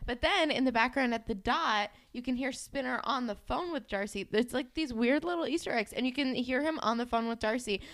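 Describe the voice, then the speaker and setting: A woman's voice: fairly high pitch, a bit bright. A young woman co-hosting a casual podcast, chatting and laughing while recapping a TV show. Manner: chatty, laughing, quick reactions. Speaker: podcast co-host.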